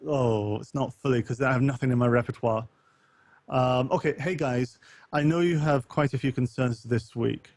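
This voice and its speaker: A man's voice: mid-range voice, moderate pace, a little mellow, dry recording. A man co-hosting a casual gaming podcast, rambling with lots of ums and reading a forum post aloud with wry asides. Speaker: podcast co-host.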